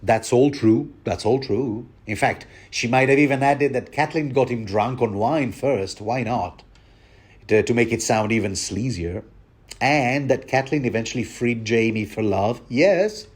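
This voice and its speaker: A man hosting a rambling book commentary, talking digressively and addressing his listeners directly. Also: medium pitch.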